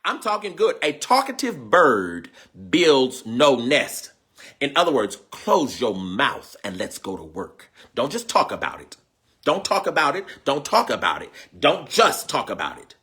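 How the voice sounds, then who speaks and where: Fervent preacher man, bright lively voice. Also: mid-range voice, moderate pace. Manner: fervent and emotional, repeating phrases and crying out; greets viewers by name. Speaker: preacher and teacher hosting a livestream. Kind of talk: call-and-response livestream sermon.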